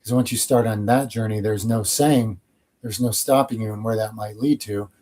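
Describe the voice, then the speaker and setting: Man, channel host, casual Q&A talk, blunt, opinionated, rambling, warm mellow tone. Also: lowish voice, steady tone, normal speed. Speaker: channel host answering viewer questions. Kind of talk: casual Q&A monologue.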